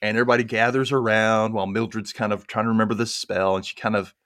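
A man hosting a casual podcast, chattily retelling a movie plot in a rambling, animated way. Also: fairly low pitch, fast talker, no echo, clean studio sound. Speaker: podcast host.

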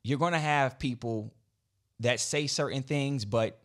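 A man in a casual podcast conversation, explaining his business in a relaxed way, often repeating words and restarting sentences. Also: medium pitch, a little slow. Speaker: guest, credit business owner.

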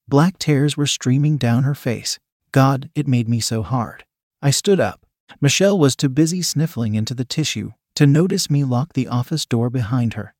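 A man reading a first-person story aloud in a calm, measured, coldly sly manner. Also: medium pitch, dry recording, clean studio sound.

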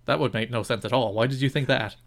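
A man's voice: medium pitch, fast talker, vocal fry. A young man co-hosting a casual podcast, talking in a wry, dry, teasing way. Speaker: podcast co-host. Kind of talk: casual chat.

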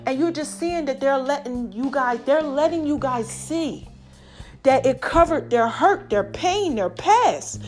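A raspy, slightly hoarse woman talks to her podcast listeners in a casual, preachy monologue. Her voice sits high and swings all over the place. A little music plays faintly underneath. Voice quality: raspy, deeper than usual. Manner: preachy, animated, calls listeners "baby" and "y'all". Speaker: podcast host.

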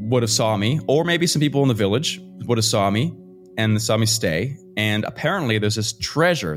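A man from Canada, a podcast guest, telling a story in a lively, casual way with fillers and casual swearing. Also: on the low side. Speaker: guest adventurer. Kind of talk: animated storytelling.

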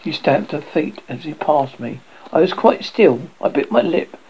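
Horror reading narrator, a man with a gravelly, husky voice, dull lo-fi sound. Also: a little high, animated, moderate pace. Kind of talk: dramatic reading of a classic horror story.

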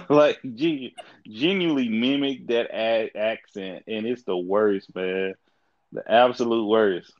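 A man hosting a casual podcast, telling stories in a profane, animated way with frequent laughter. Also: on the low side, slow, highs cut off, a little hiss or hum. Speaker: podcast host.

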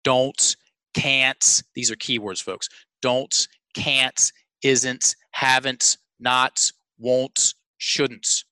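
Emphatic bright-voiced male coach. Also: medium pitch, steady tone, extremely slow, clear, resonant tone, dry recording, low-quality recording. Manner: emphatic, addresses listeners as folks, frequent restarts. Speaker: sales and mindset coach. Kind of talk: conversational storytelling interview.

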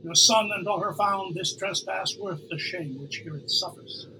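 A blunt, loyal nobleman , played by a man, speaks plainly and earnestly in a voice that sits high for a man. A clear hiss runs under the recording. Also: normal speed.

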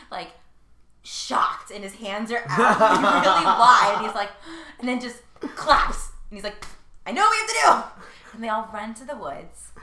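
A chatty woman co-hosting a podcast, retelling scenes with lively, laughing energy. Her voice is bright and clear, and the recording has a roomy echo. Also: medium pitch. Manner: laughing, chatty, animated storytelling. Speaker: podcast co-host. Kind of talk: casual chat about a TV show. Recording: roomy echoey room.

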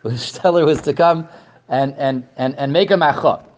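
A man giving a Torah lesson to a class, animated, asking questions and often repeating words. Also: mid-range voice, normal speed, lo-fi sound, a little hiss or hum. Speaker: Torah teacher. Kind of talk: lecture to a class.

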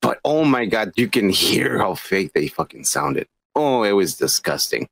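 A man co-hosting a casual podcast, talking in a profane, laughing, animated way. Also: on the low side, a little slow, gravelly. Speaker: podcast co-host. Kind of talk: casual drinking chat.

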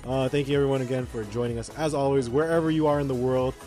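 A young man co-hosting a podcast with an easygoing, loose way of talking, full of fillers and laughter. His voice sits in a middle pitch. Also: steady tone, quick pace, warm tone, soft background music. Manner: laid-back, laughs often, loose filler-heavy talk. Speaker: podcast co-host. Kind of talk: casual chat.

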